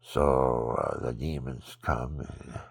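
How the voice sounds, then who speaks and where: A sleepy, exhausted man rambling through a religious monologue into his phone at home, swinging from loud bursts to murmurs. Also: very deep voice, fairly even intonation, slow pace, creaky, slightly rough, no room sound. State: sleepy, extremely tired. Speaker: vlogger.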